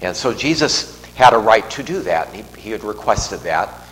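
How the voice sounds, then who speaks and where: A man's voice: fairly low pitch, lively intonation, normal speed, fairly bright tone. A middle-aged man, a priest, giving a homily in a conversational, digressive way with restarts and asides. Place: church. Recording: long reverb in a large church, faint hum.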